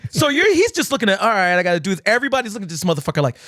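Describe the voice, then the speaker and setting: Speaking very fast in a high voice, a male dance instructor swaps stories on a casual podcast, acting out crowds and shouting, with swearing throughout. There's no room sound.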